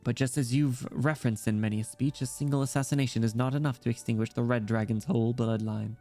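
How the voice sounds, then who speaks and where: A man's voice: medium pitch, fairly even intonation, quick pace, warm tone, soft background music, natural voice. A man doing a formal British poet. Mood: solemn. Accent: put-on British. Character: solemn male poet scholar, eloquent.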